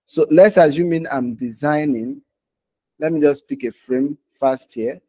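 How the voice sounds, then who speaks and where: A man's voice: fairly high pitch, a little slow, warm tone. A man teaching design in a casual live online lesson, talking while he clicks through screens and often checking in with "okay?" and "right?". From Nigeria. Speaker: design instructor.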